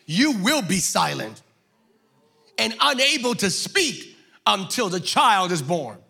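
A man acting out a stern male archangel, proclaiming in slow, booming tones. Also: sing-song, vocal fry, sharp tone, heavily acted.

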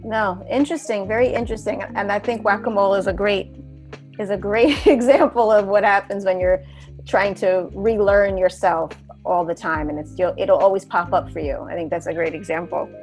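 A woman's voice: medium pitch, moderate pace, faint music behind. A woman hosting an interview, asking questions and affirming her guest in an encouraging way. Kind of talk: conversational interview.

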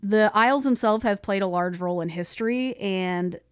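A woman's voice: medium pitch, normal speed, smooth, no echo. A woman on a casual podcast reads out history notes in a mid-range voice, breaking off into offhand, laughing asides. The sound is dry and close to the mic. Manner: reads facts then adds offhand asides, laughs often. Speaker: podcast co-host. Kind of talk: casual chat, reading history notes aloud.

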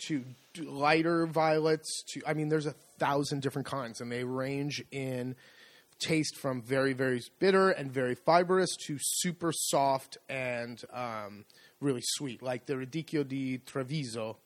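A man's voice: mid-range voice, fairly even intonation, unhurried. A man co-hosting a casual podcast, rambling along with many fillers and restarts. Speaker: podcast co-host. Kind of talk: casual chat.

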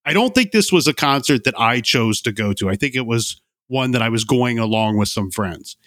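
A man's voice: medium pitch, expressive, moderate pace, a bit bright, dry recording, studio quality. A man hosting a casual podcast chat, telling long meandering stories with plenty of fillers. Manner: rambling, meandering storyteller with frequent fillers. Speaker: podcast host.

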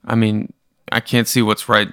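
A young man, a comedian, answering a hypothetical in halting, stammering speech. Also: lowish voice, completely flat delivery, a bit bright, clear, resonant tone, no echo, clean studio sound. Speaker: podcast guest, comedian. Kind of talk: casual improvised chat.

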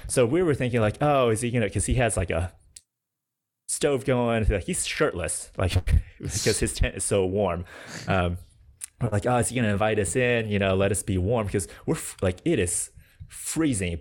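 A young man telling hiking stories as a podcast guest in a casual, animated way, filling his talk with "like". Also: on the low side. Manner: animated, heavy use of filler "like". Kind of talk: casual storytelling.

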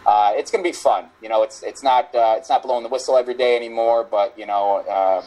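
A man in his thirties, a strength coach appearing as a guest, speaking at an ordinary middle pitch for a man. He talks in a reflective, rambling way, leaning heavily on fillers like "you know," and is heard over a video call. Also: fast, a little mellow, low-quality recording. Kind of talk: casual interview chat.

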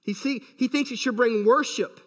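Man, pastor, sermon, high voice, emphatic, rhetorical questions, long hall echo. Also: moderate pace.

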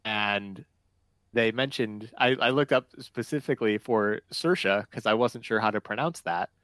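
A man's voice: lowish voice, measured pace, a bit bright, no room sound. A man hosting a casual podcast chat, talking in a rambling, self-correcting, unsure way. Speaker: podcast host.

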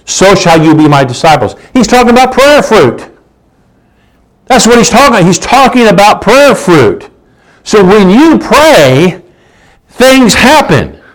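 A man with a fairly high voice delivers a sermon. He talks conversationally, circling back on his words and asking the listeners questions. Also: very animated, a little slow, poor audio. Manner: conversational, repeats words while searching, asks rhetorical questions. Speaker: preacher.

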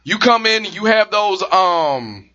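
A man's voice: sits high, takes it slowly. A man co-hosting a casual comedic chat, telling stories with jokes and playful asides. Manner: animated, joking storyteller, playful voices. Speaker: podcast co-host. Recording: dull lo-fi sound.

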